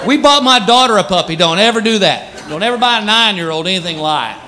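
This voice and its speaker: A middle-aged man doing a stand-up routine on stage, acting out his pets in silly voices. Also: quick pace. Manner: animated, acts out pets in high voices. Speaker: stand-up comedian. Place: live comedy stage with audience laughing. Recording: noisy live crowd recording.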